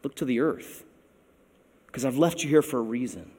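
Wry pastor in a reverberant hall. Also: male voice, medium pitch, lively intonation, normal speed, darkish tone, slightly rough. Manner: conversational, wry, playful emphasis. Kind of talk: sermon.

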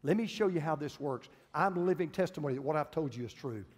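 Preacher, male, middle-aged, somewhat high voice, emphatic with hushed drops, long hall echo. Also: animated, quick pace, breathy edge. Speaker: pastor. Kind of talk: sermon. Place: church sanctuary.

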